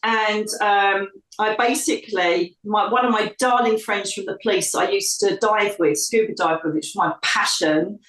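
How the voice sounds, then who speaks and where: A middle-aged woman from the UK, a psychic medium telling her life story in an interview, lively and acting out the voices of others. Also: mid-range voice, moderate pace. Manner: animated storyteller, acts out quoted voices. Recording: echoey room, distant from mic.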